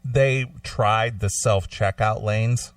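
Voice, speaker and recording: A man's voice: fairly low pitch, steady tone, slow pace, no room sound, far from the mic, faint music behind. A man co-hosting a radio talk show, telling rambling anecdotes in casual, profane chat.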